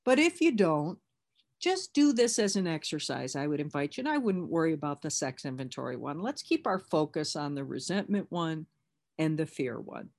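A woman's voice: low-pitched, very animated, normal speed, creaky, a little mellow. A woman leading an online recovery workshop, talking candidly and conversationally with many restarts.

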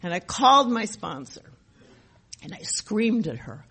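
A woman's voice: mid-range voice, sing-song, unhurried, a bit bright, slight background noise. An older woman sharing her recovery story at a meeting, emphatic and repetitive, often asking rhetorical questions. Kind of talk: personal testimony at a recovery meeting.

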